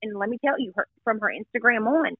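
Chatty woman guest calling in, higher husky voice, tinny phone line. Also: quick pace, no room sound. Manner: emphatic, chatty, stresses points with "let me tell you". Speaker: guest recounting an exposé. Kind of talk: casual gossip chat.

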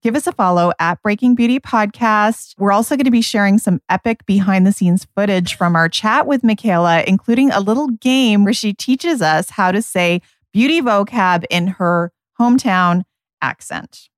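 A woman's voice: mid-range voice, moderate pace, no room sound, clean studio sound. A woman co-hosting a beauty podcast, talking in an enthusiastic, gushing way about a guest and what is coming up. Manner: enthusiastic, gushing, often says "like". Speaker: podcast co-host. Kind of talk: casual podcast chat.

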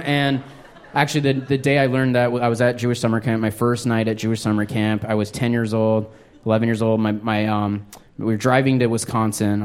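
A man's voice: mid-range voice, a little hiss or hum. A man doing a stand-up comedy set on a club stage, telling a rambling, self-mocking story with lots of filler words, audience laughter behind him.

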